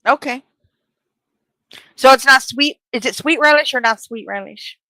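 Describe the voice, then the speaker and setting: A chatty woman co-hosting a casual stream, her voice bright and forward. She swears casually and keeps the chat rolling in a dry, close-sounding room. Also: high voice, measured pace, no echo, low-quality recording. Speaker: co-host.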